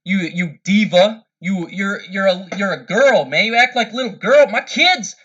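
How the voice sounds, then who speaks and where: Sitting high in pitch with a fairly bright tone, this adult man, older than a 13-year-old's parent, delivers a furious sports rant as a fan commentator at a measured pace. He repeats himself and stammers over restarts, and the recording's highs are cut off.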